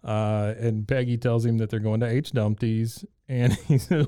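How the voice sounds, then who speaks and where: A man's voice: fairly even intonation, normal speed, dark tone, smooth, no echo, studio quality. A man co-hosting a podcast, casually recapping an episode, laughing often and acting out lines in raised voices. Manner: laughs often, acts out quotes in higher voices. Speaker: podcast co-host.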